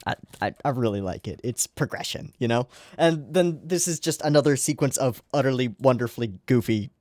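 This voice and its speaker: A man's voice: mid-range voice, brisk, a little mellow, dry recording, studio quality. A man hosting an anime reaction channel, rambling through casual episode commentary and swearing freely along the way.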